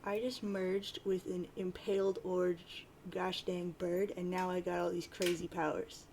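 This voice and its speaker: A woman's voice: lowish voice, level tone, unhurried, gravelly, darkish tone, slight background noise. A woman reading out the lines of a cocky teenage boy fused with an orange bird, in a near-plain voice.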